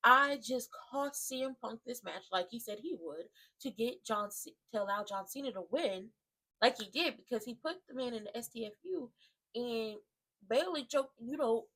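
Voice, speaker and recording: A woman with a fairly high voice rants in casual, slangy commentary. She is animated and emphatic and keeps turning to her viewers with asides as she retells the action. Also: normal speed. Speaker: wrestling commentary vlogger. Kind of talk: casual ranting recap.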